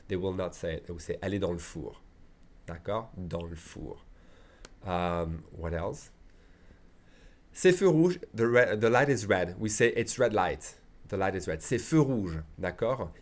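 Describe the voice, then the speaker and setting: Chatty French man teaching beginners. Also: lowish voice. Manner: chatty, repeats phrases and checks in with "d'accord". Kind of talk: beginner language lesson.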